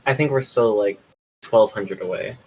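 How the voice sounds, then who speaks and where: Man, tabletop player, lowish voice, hedging, casual chat. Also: moderate pace, darkish tone, a little hiss or hum, low-quality recording. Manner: hedging, thinking aloud.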